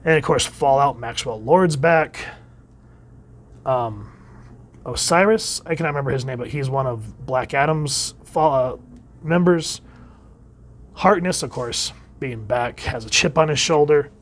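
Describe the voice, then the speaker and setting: A man's voice: mid-range voice, unhurried. Casual male comic reviewer. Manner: conversational, trails off quietly at phrase ends.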